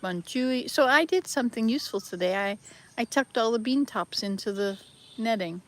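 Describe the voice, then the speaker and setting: A woman's voice: fairly high pitch, animated, moderate pace. Chatty older woman vlogging outdoors. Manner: chatty, rambling, self-correcting. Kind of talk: casual travel vlog. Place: outdoors at a rural hut. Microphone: handheld camera.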